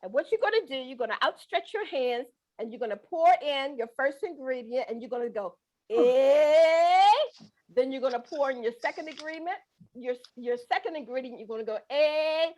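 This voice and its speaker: A woman's voice: sits high, lively intonation, quick pace. A middle-aged woman leading a guided breathing and laughter class over a video call, playful, folksy and coaxing. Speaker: laughter exercise instructor.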